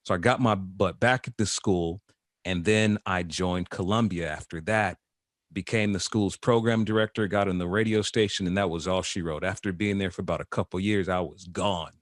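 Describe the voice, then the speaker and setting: A man in his fifties from Chicago, a veteran radio host telling his story as an interview guest, animated and expressive. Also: low-pitched, moderate pace, no room sound, clean studio sound. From Chicago, USA. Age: 50s. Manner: animated storyteller, voice jumps up when excited.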